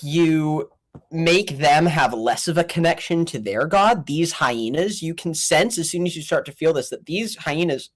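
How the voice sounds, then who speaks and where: A woman narrating as game master of a tabletop game, animated and chatty. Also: low voice, unhurried. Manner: animated, counts squares under breath.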